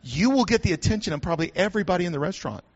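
A male pastor preaching a sermon in an animated way, building to shouts with joking asides. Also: sits high, rapid-fire. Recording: dull lo-fi sound.

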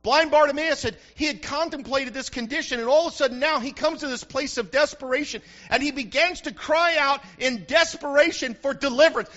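Male pastor, very high bright voice, fervent sermon delivery, dull lo-fi recording. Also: fairly quick, hardly any pauses. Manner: fervent preaching, asking the congregation for response. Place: church.

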